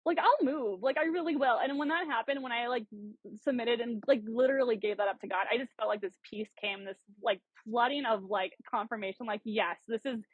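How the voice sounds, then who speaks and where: Chatty woman in her 30s from south dakota, bright voice, lots of "like", laughs a lot, muffled dry audio. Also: a little high, brisk, slightly rough, dry recording. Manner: bubbly, animated, laughs often, many "like" fillers. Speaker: podcast guest. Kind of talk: casual storytelling interview.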